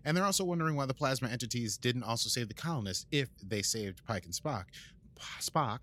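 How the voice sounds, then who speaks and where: An American podcast host casually recaps an episode, rambling playfully and throwing in sound effects. He speaks briskly with lively intonation, his medium-pitched voice a bit bright.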